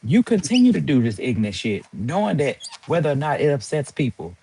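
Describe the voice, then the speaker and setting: A man's voice: mid-range voice, expressive, a little fast, creaky, a little mellow, slight background noise. A man hosting a live stream, ranting in a heated, profane and sarcastic way. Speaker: livestream host.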